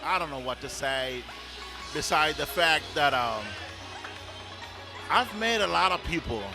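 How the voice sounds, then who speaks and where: A man with a slightly high voice gives a sincere, halting birthday toast, stopping now and then to find his words. Music plays clearly behind him. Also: lively intonation. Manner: earnest, halting, searching for words.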